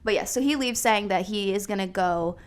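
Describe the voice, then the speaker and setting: A woman co-hosting a podcast, chatting casually. She talks in a loose, filler-heavy way and sits at a middle pitch for a woman. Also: fairly quick, smooth. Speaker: podcast co-host. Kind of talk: casual chat.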